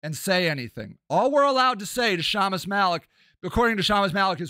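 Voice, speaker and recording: A man hosting a podcast, delivering an impassioned, profane political rant that swings between shouting and low muttering. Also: lively intonation, fast, dry recording, studio quality. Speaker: podcast host.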